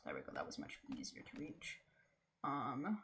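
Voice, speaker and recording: A woman's voice: extremely low pitch, wildly swooping pitch, moderate pace, noisy background. A woman streaming a game, chatting casually and playfully, laughing often. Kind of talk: casual gaming stream chat.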